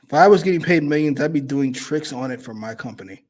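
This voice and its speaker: A man's voice: fairly high pitch, quick pace. A man co-hosting a wrestling review show in casual chat, ranting with heavy profanity. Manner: profane, animated rants.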